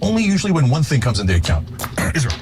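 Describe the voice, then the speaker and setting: A man delivering online political commentary at a very rapid pace. His pitch swings widely, and his delivery is emphatic and teasing. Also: wildly swooping pitch, music in the background.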